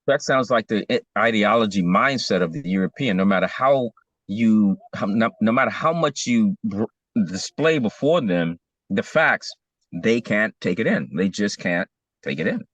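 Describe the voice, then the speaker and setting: A man's voice: fairly low pitch, expressive, moderate pace, fairly bright tone, no echo, muffled recording. A man in casual discussion as co-host, talking emphatically, his voice rising when he is stirred.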